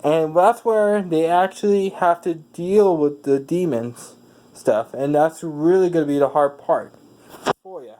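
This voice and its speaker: A speaker casually retelling a fan story, halting often with fillers and correcting themself mid-sentence. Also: mid-range voice, dark tone, a little hiss or hum, low-quality recording.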